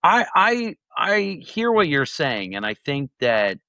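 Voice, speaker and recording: Lively man co-hosting a podcast. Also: a little high, slow, gravelly, dry recording, highs cut off. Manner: lively, thinking aloud with restarts. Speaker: podcast co-host. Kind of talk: casual political chat.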